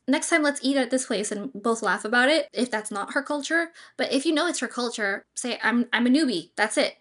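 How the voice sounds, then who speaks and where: Young woman ranting about dating manners, kinda high voice, very opinionated. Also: sharp tone. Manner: opinionated, advice-giving. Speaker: host reacting to clips. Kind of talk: casual commentary.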